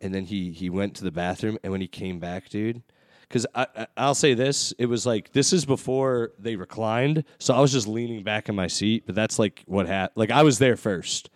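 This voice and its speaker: A man's voice: on the low side, normal speed, few pauses. Young guy podcast host, swears a lot, tells stories and acts out the dialogue. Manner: profane storytelling, animated reenactments. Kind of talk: casual podcast chat.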